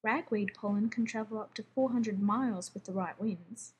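A woman's voice: medium pitch, normal speed, a little hiss or hum, close to an everyday voice. A woman voicing a grumpy, demanding male scientist who talks in a snappish, sarcastic way, read as part of a story.

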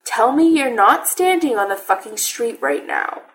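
A woman's voice: a little high, very animated, normal speed, voice pushed up, rough recording. A woman voicing a patient young man who speaks dryly and firmly on the phone. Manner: dry, firm, worried.

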